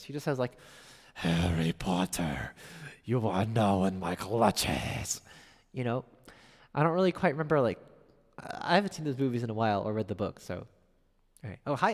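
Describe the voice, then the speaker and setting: A man's voice: fairly high pitch, in a large hall. A man streaming at the piano, chatting casually and reading viewers' messages aloud. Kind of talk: casual chat.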